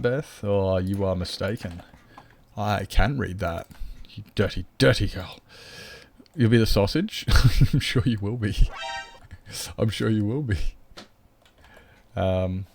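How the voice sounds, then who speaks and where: A man's voice: fairly low pitch, takes it slowly, a little mellow. A man streaming a game live, chatting loosely with viewers and rambling to himself. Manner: rambling, chatty, greets viewers, talks to his cat. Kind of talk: casual live-stream chat.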